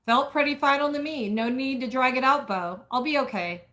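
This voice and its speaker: A woman's voice: high voice, moderate pace, pushed and bright, voice pushed up. A woman voicing a hurt, defiant young woman from a romance novel, snapping and tearful.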